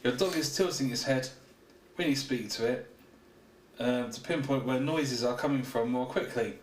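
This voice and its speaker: A man's voice: mid-range voice, moderate pace. A man co-hosting a podcast, reading facts aloud in casual chat and laughing easily. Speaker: podcast co-host. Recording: echoey room, distant mic, faint noise.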